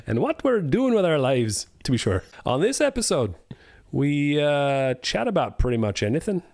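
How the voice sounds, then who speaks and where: A man putting on a high, jokey Irish accent in a comic accent bit. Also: normal speed, gravelly, no echo, studio quality. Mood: playful. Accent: put-on Irish. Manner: jokey, sing-song, high and lively.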